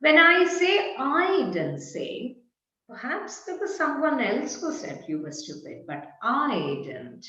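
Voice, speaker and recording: A woman with an Indian English accent leads an online pronunciation workshop, talking slowly through example sentences. Her voice sits fairly high and rises and falls a lot. The call audio is muffled and very echoey. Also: big pitch swings, sharp tone. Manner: slow, deliberate, with example sentences. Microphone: video call.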